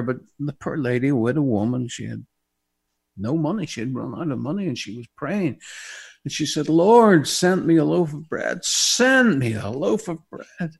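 A man's voice: mid-range voice, vocal fry, breathy edge. Emphatic Northern Irish preacher man. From Northern Ireland. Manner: emphatic and heartfelt, rising and falling. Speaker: pastor. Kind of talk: preaching a radio sermon.

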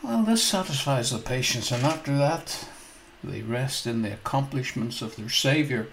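A man's voice: mid-range voice, animated, moderate pace, gravelly, a little hiss or hum, low-quality recording. A male preacher telling a parable in a sermon, emphatic and prone to asking his listeners questions. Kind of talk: sermon storytelling.

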